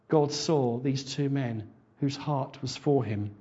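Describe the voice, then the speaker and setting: A man's voice: mid-range voice, measured pace, few pauses, dark tone, breathy edge. A man preaching a conversational sermon and retelling a parable, often restarting his words. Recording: dull lo-fi sermon recording.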